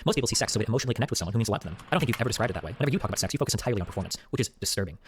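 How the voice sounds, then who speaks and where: Man, streamer. Very quick, rambling, profane monologue at a desk mic. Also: on the low side, lively intonation, noisy background. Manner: rambling, profane, repeats "okay?". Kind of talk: casual live-stream monologue.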